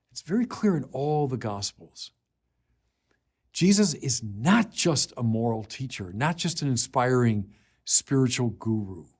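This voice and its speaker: Slow, deliberate male preacher. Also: medium pitch. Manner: slow, deliberate, rising to emphatic declarations. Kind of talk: sermon.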